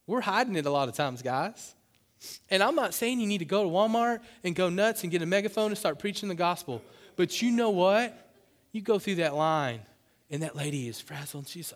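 A man preaching a sermon to his church, passionate and swinging into loud, emphatic bursts. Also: a little high, lively intonation, fairly quick. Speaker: pastor. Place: church sanctuary. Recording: long hall reverb.

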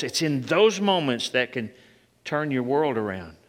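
A man preaching a sermon as a pastor, swinging from loud emphatic peaks to soft low passages and calling out to the congregation. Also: animated, moderate pace. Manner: emphatic, rises loud and high on key points, drops soft and low for quiet moments; calls out to the congregation. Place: church sanctuary. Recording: long hall reverb.

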